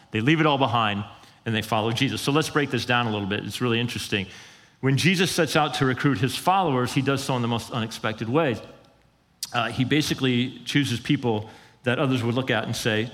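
A man preaches in an easy, conversational way, jumping up in pitch to act out quoted voices and dropping low for emphasis. His voice rings with a long hall reverb, as if in a church sanctuary. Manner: animated, conversational, acts out quotes with pitch jumps. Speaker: pastor. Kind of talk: sermon.

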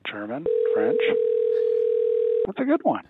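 A man's voice: mid-range voice, wildly swooping pitch, slow, narrow, tinny audio, very noisy. A man who sells furniture, cracking jokes and coaching a host through prank calls. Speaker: furniture salesman guest. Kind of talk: casual banter.

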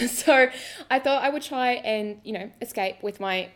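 A woman co-hosting a podcast, telling an animated story in casual chat and laughing often. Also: on the high side, a little slow. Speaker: podcast co-host.

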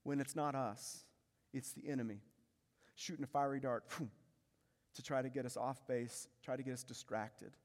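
At a normal speed and with a steady tone, a pastor with a mid-range voice preaches in a church sanctuary. He is emphatic, repeats key phrases, and asks the congregation rhetorical questions. The large hall gives the recording long reverb.

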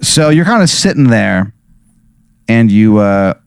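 A man's voice: lowish voice, big pitch swings, unhurried, vocal fry, clear, resonant tone, no room sound, clean studio sound. A man hosting and telling an improvised comic hypothetical, rambling with many "like"s and "uh"s. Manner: rambling, full of "like" and "uh". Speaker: host, storyteller.

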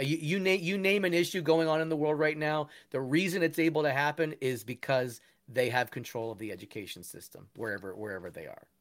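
A man talking as an interview guest, earnest and enthusiastic, often restarting his sentences. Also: on the high side. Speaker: guest, musician and education founder. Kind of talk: casual interview talk.

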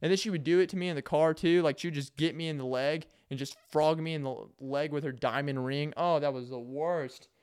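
A young man carries a casual comedic podcast monologue on his own. His voice sits a little high, with a smooth, clean tone and a dry, close sound. He rambles from one story to the next and acts out quotes along the way. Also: a little fast, hardly any pauses, dry recording. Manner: rambling, animated storytelling with laughs and put-on quotes. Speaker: podcast host.

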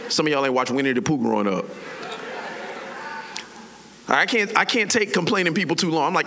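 A man's voice: sits high, big pitch swings, fairly quick, long pauses, sharp tone. A man preaching a sermon as a pastor, telling the story animatedly in casual slang and acting out voices.

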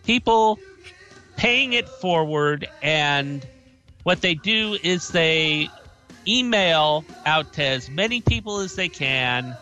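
A man's voice: a little high, animated, slow, sharp tone, faint music behind. A man on a podcast earnestly explaining an idea in casual chat.

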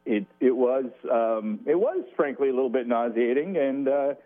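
A law professor speaking as a guest on a radio show, measured with a dry humor. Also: male voice, medium pitch, lively intonation, no echo, narrow, tinny audio. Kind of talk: radio interview.

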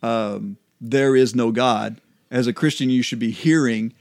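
A man co-hosting a casual Bible study chat, relaxed and laughing often as he explains. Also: medium pitch, unhurried. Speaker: co-host.

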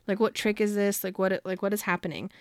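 A woman's voice: medium pitch, little pitch movement, fast talker, no echo, studio quality. A woman co-hosting a book podcast, chatting casually and animatedly as she retells scenes and acts out the characters' lines. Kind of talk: casual chat.

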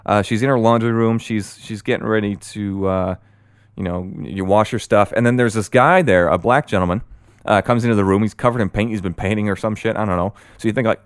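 A man's voice: medium pitch, fairly quick, dry recording, studio quality. Rambling young man, a bit out of breath. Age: young adult. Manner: rambling, excitable, many fillers and restarts. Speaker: podcast host. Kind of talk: solo podcast monologue.

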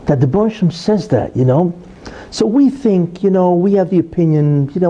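A man's voice: sits high, animated, normal speed, warm tone. A man giving a Torah lesson in a conversational way, asking rhetorical questions and explaining terms. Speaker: religious teacher.

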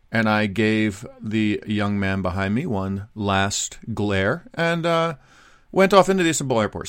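A man's voice: lowish voice, fairly bright tone, clean tone, no echo, clean studio sound. A middle-aged man telling a rambling travel story in a casual monologue, full of restarts and asides.

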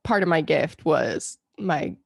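A woman co-hosting a casual podcast, her lowish voice gravelly and groggy from a strained throat. She rambles through stories with fillers and laughter. The sound is dry and close. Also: animated, takes it slowly, darkish tone, no echo. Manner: chatty storyteller, laughs often, many fillers. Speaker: podcast co-host. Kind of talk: casual chat.

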